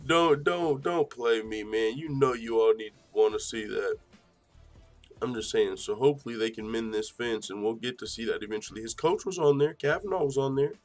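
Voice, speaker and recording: A man hosting a mixed martial arts news show, talking casually in an animated, slangy and profane way and often laughing. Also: medium pitch, normal speed, faint music behind. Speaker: MMA news show host. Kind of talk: casual commentary.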